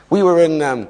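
A man preaches a testimony sermon. He tells it as an emphatic story in a voice on the higher side. A long reverb from a large hall hangs on every phrase. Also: vocal fry, mellow. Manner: storytelling, emphatic, often laughing.

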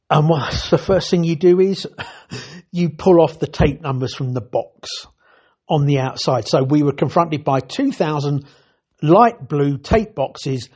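A man's voice: on the high side, darkish tone, husky. An older man telling chatty, dryly humorous stories about his years as a TV technician. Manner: chatty, self-interrupting, dry humour. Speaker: retired TV technician. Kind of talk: anecdotal storytelling.

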